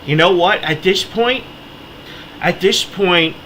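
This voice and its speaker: Impassioned American man ranting to camera; high, sharp voice that cracks when he pleads. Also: slow, slight background noise, poor audio. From United States. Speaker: political commentator. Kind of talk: impassioned monologue.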